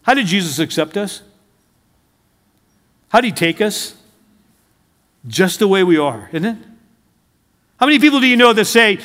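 A man's voice: very high voice, very animated, moderate pace, pauses often, a bit bright, big-room sound. A middle-aged male pastor preaching a conversational sermon, asking his congregation questions and mixing in humor.

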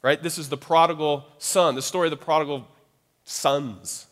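A man's voice: fairly high pitch, steady tone, moderate pace, a bit bright. A man preaching a sermon in a loose, conversational way. He acts out quoted voices and keeps checking in with "right?". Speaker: pastor. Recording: long hall reverb.

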